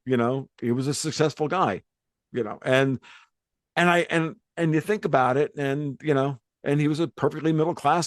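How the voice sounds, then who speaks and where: A man's voice: fairly high pitch, normal speed, dry recording, clean studio sound. A man hosting a podcast, telling family stories in a rambling, salty way with many restarts. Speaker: podcast host. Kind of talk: casual podcast conversation.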